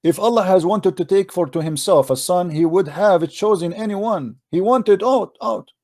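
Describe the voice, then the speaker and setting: A man's voice: high voice, moderate pace, darkish tone, no echo. Argumentative man, dry close sound. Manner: argumentative, mocking, challenging. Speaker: host. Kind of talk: debate on a live call-in stream.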